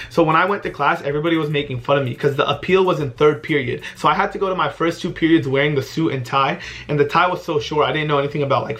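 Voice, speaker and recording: Bright-voiced young man telling a story. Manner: animated storytelling with frequent swearing, rising in pitch when exasperated. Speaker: vlogger. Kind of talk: casual storytime vlog.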